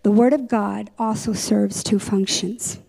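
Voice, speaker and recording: A woman teaching a church Bible lesson, reading verses and explaining them in a deliberate way, sometimes correcting herself. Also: mid-range voice, steady tone, gravelly, dark tone.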